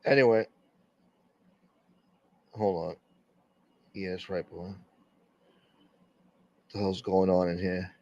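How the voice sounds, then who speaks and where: A man's voice: low-pitched, steady tone, takes it slowly, pauses often, mellow, no room sound, muffled recording. A man hosting a casual livestream, reading out chat and rambling crudely with lots of swearing.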